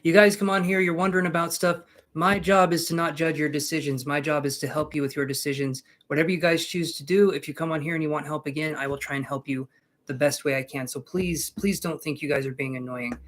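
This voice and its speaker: A man's voice: a little high, steady tone, quick pace, fairly bright tone. A man giving tarot readings on a live stream, chatting casually with viewers in a jokey, reassuring way. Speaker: tarot reader.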